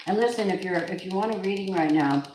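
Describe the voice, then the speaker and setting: A woman's voice: medium pitch, fast, roomy sound, heavy background noise. A woman doing a live tarot reading, gushing over her viewers and swearing now and then. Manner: effusive, gushing address to viewers, occasional swearing. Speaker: tarot reader.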